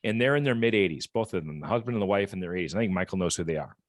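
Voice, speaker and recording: Low-voiced earnest man telling stories. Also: rapid-fire, no echo, clean studio sound. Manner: earnest, conversational, repeats words while telling stories. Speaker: guest speaker from a rehab equipment company. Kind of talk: storytelling talk at a support group meeting.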